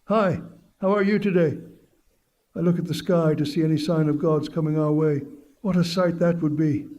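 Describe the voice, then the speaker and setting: A man's voice: a little high, steady tone, moderate pace, warm tone, highs cut off, natural voice. A synthetic male voice playing an old man who watches the sky for signs of gods. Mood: plain.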